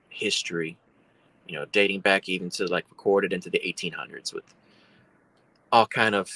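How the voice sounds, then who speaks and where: A man telling a story as a guest in a casual, animated way. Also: lowish voice, no echo, low-quality recording.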